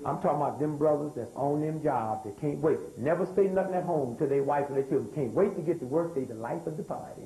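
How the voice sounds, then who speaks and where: This is an older man, addressing a live audience. His voice sits high for a man. He drives each point with rhetorical questions and call-and-response. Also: quick pace, hardly any pauses, warm tone, low-quality recording. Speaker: speaker.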